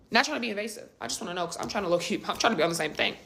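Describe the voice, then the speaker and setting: A young woman telling a casual storytime in an animated, slangy, conversational way. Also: mid-range voice, very fast, vocal fry.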